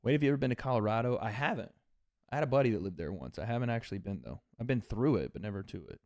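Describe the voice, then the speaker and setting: A man's voice: on the low side, lively intonation, very fast, darkish tone, no room sound, clean studio sound. Laid-back, profane man streaming from home. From Tennessee. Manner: laid-back and profane, reading out chat donations. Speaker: livestream host. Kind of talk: casual livestream chat with viewers. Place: on a couch at home, without his usual setup.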